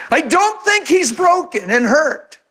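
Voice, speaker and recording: A man preaching a sermon as pastor, animated and conversational, often laughing and acting out quotes. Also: extremely high pitch.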